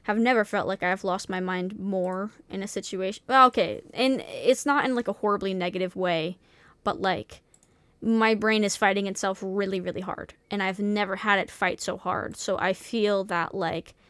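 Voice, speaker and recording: A woman's voice: mid-range voice, normal speed, a bit bright, smooth, no room sound. A young woman streamer in casual chat, talking candidly and swearing freely, with many restarts and fillers.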